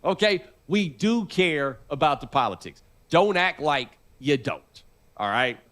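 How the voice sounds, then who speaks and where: A man's voice: a little high, lively intonation, unhurried, fairly bright tone. A man co-hosting a live sports talk stream, arguing his point and pressing with questions. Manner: argumentative, pressing with "okay?" and "all right?".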